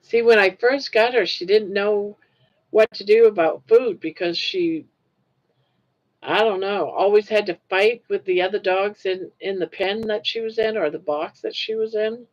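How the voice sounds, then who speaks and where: A woman's voice: mid-range voice, moderate pace, darkish tone. An older woman host chatting casually with livestream viewers while crocheting, rambling and laughing easily. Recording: lo-fi livestream audio.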